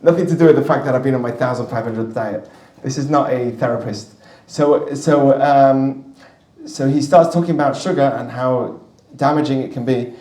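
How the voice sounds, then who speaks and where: A male rabbi teaching a class with a live audience, chatty and storytelling, with quick asides to the listeners. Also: medium pitch, warm tone. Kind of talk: lively classroom teaching with anecdotes. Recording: roomy distant mic in a hall.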